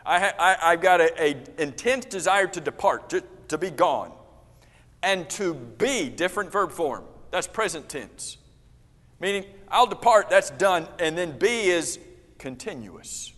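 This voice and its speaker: A man's voice: on the high side, expressive, measured pace, a bit bright. A man teaching a Bible class, explaining Greek verb tenses, repeating words for emphasis and calling on class members. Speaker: preacher leading a Bible class. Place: church classroom. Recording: church hall with long reverb.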